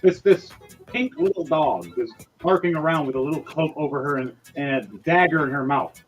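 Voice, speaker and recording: A man's voice: on the high side, animated, moderate pace, dull audio, slight background noise. A man narrating as game master, talking casually and crudely with many fillers and restarts. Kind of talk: narrating a tabletop game over a stream.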